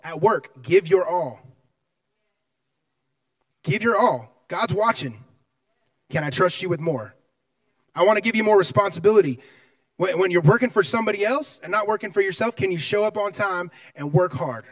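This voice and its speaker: A man preaching a sermon, telling a personal story in an animated way and acting out its scenes. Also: high voice, brisk, dry recording, recorded from a distance. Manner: animated, acts out scenes and voices in his story.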